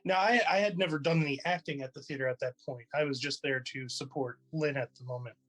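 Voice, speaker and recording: A man sharing a chatty, lively personal story in a tribute to a theater colleague, with many restarts and fillers. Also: medium pitch, quick pace, rough recording. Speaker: theater company member giving a tribute. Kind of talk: personal anecdote, casual storytelling.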